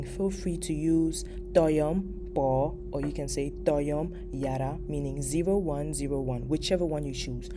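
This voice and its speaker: A woman giving a casual video language lesson, patiently repeating words slowly for learners. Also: low voice. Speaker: language teacher.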